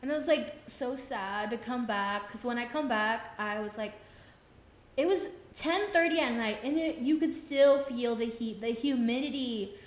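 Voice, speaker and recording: A woman's voice: a little high, measured pace, echoey room. A woman in her twenties from Texas, hosting a podcast and telling a casual travel story, acting out her own reactions as she goes. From Texas, USA. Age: 20s. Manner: chatty, acts out her own reactions with "I was like". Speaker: podcast host.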